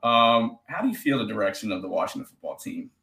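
A man's voice: mid-range voice, big pitch swings, quick pace, pushed and bright. A man hosting a casual interview, easygoing and asking long, rambling questions. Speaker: podcast host. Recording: roomy echoey room.

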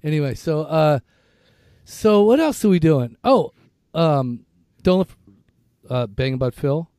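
A man's voice: fairly high pitch, lively intonation, measured pace, dark tone, no room sound, studio quality. A man with a sore throat co-hosting a casual podcast, rambling, restarting his sentences and joking at his own expense. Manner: rambling, stumbling, self-mocking. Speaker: podcast co-host. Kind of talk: casual chat.

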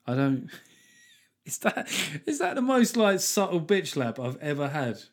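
A man with a fairly high voice hosts a comedy podcast on his own. He talks casually and with a mocking edge, swearing freely as he riffs and reads from his notes. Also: very animated, unhurried. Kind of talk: casual solo podcast chat.

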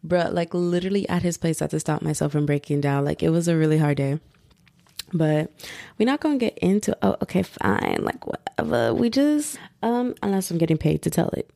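Chatty young woman with a gravelly voice. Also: on the low side, expressive, brisk, warm tone, dry recording, clean studio sound. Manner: chatty, rambling, full of fillers and "y'all". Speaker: podcast host. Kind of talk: casual podcast monologue. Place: at home.

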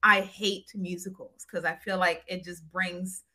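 A woman co-hosting a casual chat, talking in an expressive, playful way. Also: fairly low pitch, unhurried.

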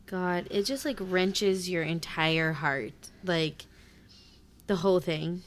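Animated woman in casual podcast chat. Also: on the low side, slow, slight background noise. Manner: animated, swears, many fillers. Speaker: podcast co-host.

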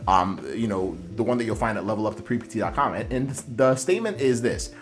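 A man's voice: on the low side, expressive, fast, faint music behind. A man coaching students applying to physical therapy school, talking earnestly with many fillers and restarts. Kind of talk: motivational coaching talk.

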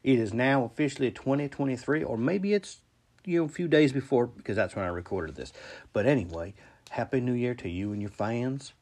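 A man's voice: mid-range voice, a little fast, a little mellow. A man rambling through a comic voice message to a podcast host, stammering, repeating himself and contradicting his own jokes. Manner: absurd self-contradicting asides. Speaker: listener sending a voice message to a podcast. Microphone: phone voice recorder.

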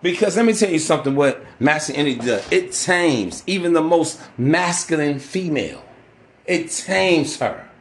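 A man's voice: a little high, sing-song, normal speed. Brash, profane man ranting. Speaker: podcast host. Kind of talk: ranting monologue.

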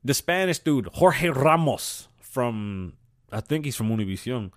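A medium-pitched, animated man speaks a little slowly as he hosts a solo podcast rant, swearing heavily and switching between English and Spanish.

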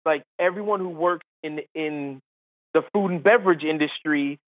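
A man spins a lively anecdote and slips into the voices of the people in it. His voice sits high for a man. It comes through a dry, narrow, phone-like line. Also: normal speed, no echo. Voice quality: lively storyteller who acts out voices. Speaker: podcast guest, comedian and golf analyst. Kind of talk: animated anecdote telling.

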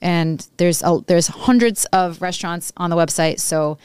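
A woman's voice: lowish voice, darkish tone, clear, resonant tone, dry recording. A woman appearing as a podcast guest who reviews food, chatting in an effusive, enthusiastic way. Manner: effusive, enthusiastic, quick bursts. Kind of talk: casual chat.

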